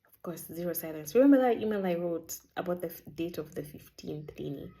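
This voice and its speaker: Woman vlogger, lowish warm voice, animated chatty storyteller. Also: fairly quick. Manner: chatty, animated, sprinkles in Swahili words. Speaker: vlogger sharing a faith testimony. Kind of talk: casual storytelling.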